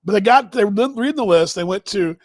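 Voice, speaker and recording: A man's voice: high voice, expressive, fairly quick, no echo. A man in his fifties from Texas, hosting a broadcast and telling casual, rambling stories with chuckling asides and self-interruptions. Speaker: broadcast host. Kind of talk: casual storytelling monologue.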